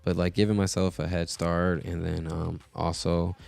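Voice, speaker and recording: A man's voice: low-pitched, level tone, moderate pace, creaky, darkish tone. A man hosting a casual live stream, rambling with many filler words as he talks into a podcast mixer setup. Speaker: host.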